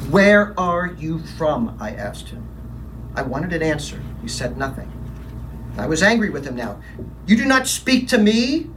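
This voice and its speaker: A brooding middle-aged Roman governor, played by a man, recounts events in a confessional monologue, defensive and troubled, with his own quoted words delivered emphatically. The voice sits a little high for a man. It is heard from a distance, with a faint hiss behind it. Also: a bit bright. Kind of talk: first-person dramatic monologue.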